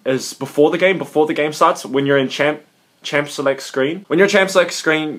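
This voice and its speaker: A young man giving casual advice in a vlog, animated and cursing freely, acting out his own reactions as he tells a story. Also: mid-range voice. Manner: animated, swearing, acts out quoted reactions. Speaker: gaming coach and video creator.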